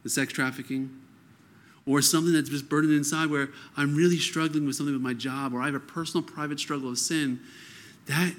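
A man preaching a sermon, earnest and conversational, reading scripture and breaking into animated quoted outbursts. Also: on the high side, brisk. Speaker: pastor.

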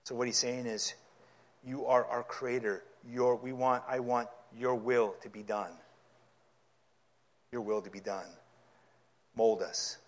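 A man preaching a sermon, reading scripture aloud and explaining it, his delivery growing impassioned until he is nearly yelling. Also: mid-range voice, fairly even intonation, takes it slowly, long pauses. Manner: impassioned, rising to yelling at times.

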